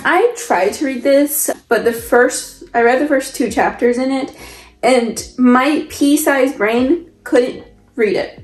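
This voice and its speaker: A young woman chatting casually as she shows off the books on her shelf, rambling and asking herself questions. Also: high-pitched. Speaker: book vlogger. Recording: echoey room with soft music. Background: soft background music.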